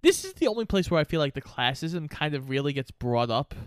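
Man with a smooth, slightly high voice. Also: big pitch swings, fairly quick, no echo, clean studio sound. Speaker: podcast co-host. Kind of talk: casual movie review chat.

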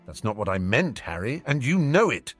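A man voicing a smug teenage boy rival who taunts, in an audiobook reading, pitched up from his own voice. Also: sing-song, moderate pace, slightly rough, faint music behind. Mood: taunting.

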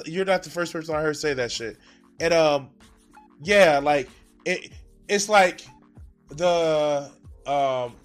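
Man reacting on camera, slightly high voice, swearing, exasperated, faint music behind. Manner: profane, exasperated, loud outbursts and laughter. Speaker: reaction video host. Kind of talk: casual reaction commentary.

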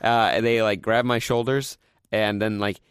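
A man's voice: fairly low pitch, steady tone, normal speed, clear, resonant tone. A young man hosting a casual podcast, telling a rambling story full of "like" and acting out his own quotes. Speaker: podcast host.

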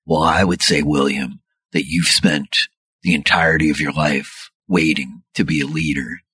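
Man doing a low, sneering captive. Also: steady tone, normal speed, bright, forceful tone, breathy edge, no echo, exaggerated voice. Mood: contemptuous. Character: sneering calm older man, captive, menacing.

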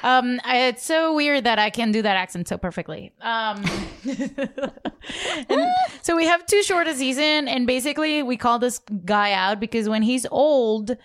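A woman's voice: on the high side, animated, normal speed, fairly bright tone. A woman co-hosting a casual podcast chat, playful and joking. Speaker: podcast co-host.

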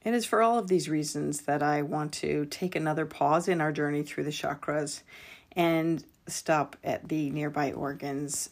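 A woman hosting a casual spoken podcast as an energy healer, chatty and animated, laughing often. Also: deep voice, creaky.

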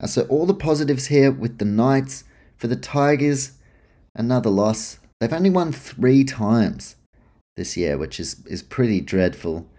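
A man's voice: mid-range voice, animated, unhurried, warm tone. A man hosting a casual sports talk show, blunt and frustrated, swearing freely as he gives his opinions on the teams. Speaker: sports podcast host.

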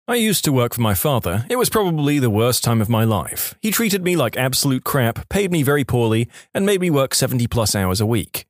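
A man's voice: medium pitch, sing-song, a little fast, hardly any pauses, no room sound, clean studio sound. A man narrating reader-submitted stories in a scripted storytelling delivery.

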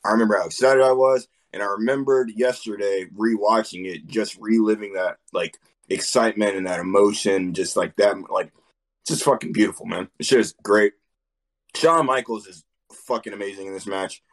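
A man's voice: lowish voice, normal speed. A man co-hosting a casual podcast who talks about a favorite match in an enthusiastic, profane way. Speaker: podcast co-host.

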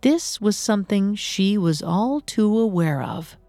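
A woman narrating a myth in a measured, even storytelling manner. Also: medium pitch, no room sound, faint music behind.

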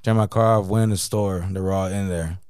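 A man's voice: sits low, fairly even intonation, a little fast, a little mellow, clean tone, no room sound, studio quality. A man telling a story in casual podcast chat, slangy and profane, filling his talk with "you know what I mean.". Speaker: podcast co-host.

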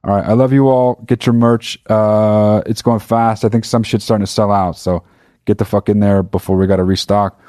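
A man's voice: fairly low pitch, level tone, normal speed, mellow, clean tone, no echo, studio quality. A man hosting his own podcast, talking in a casual, profane and emphatic monologue. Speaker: podcast host.

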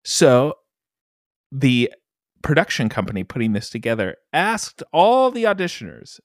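Animated, jokey man podcaster. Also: medium pitch, a little slow, dry recording, studio quality. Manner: jokey, self-mocking storyteller. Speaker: podcast co-host. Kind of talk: casual podcast chat and storytelling.

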